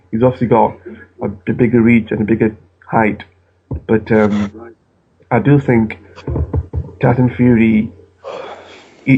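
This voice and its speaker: A man calling in by phone from home, chatting casually about boxing with halting, stammering restarts. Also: medium pitch, vocal fry. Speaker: phone-in caller. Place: at home with the television on. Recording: tinny phone line with faint noise.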